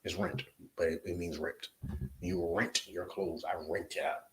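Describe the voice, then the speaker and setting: Low-voiced, emphatic preacher from New Jersey. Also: male voice, fairly even intonation, normal speed, slight background noise, rough recording. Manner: emphatic, profane, swings between loud and low. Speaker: teacher. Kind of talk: street preaching lesson.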